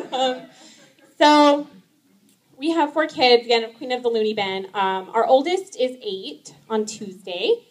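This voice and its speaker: A woman's voice: high-pitched, animated, slow. A woman in her thirties doing stand-up comedy at a live event, chatty, with lots of "um"s and laughing at her own jokes. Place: live event in front of an audience.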